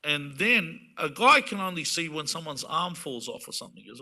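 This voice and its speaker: A man's voice: a little high, sing-song, fairly quick, pushed and bright. A man giving a conversational sermon, acting out small everyday exchanges between husbands and wives. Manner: conversational, acts out everyday dialogues. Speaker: speaker at an Islamic centre. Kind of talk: sermon-style talk.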